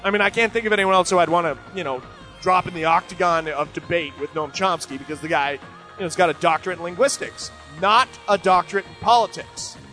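Over faint music and a low-quality recording, a middle-aged man speaks fast while hosting a show and replying to listener emails. He rambles casually and sarcastically, joking around, his lively voice leaping abruptly in pitch.

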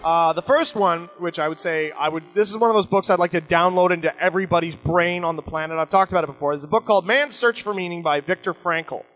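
A man's voice: quick pace, hardly any pauses, low-quality recording. A middle-aged man hosting a show, rambling casually and sarcastically as he answers listener emails. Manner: joking, sarcastic, animated with sudden pitch jumps.

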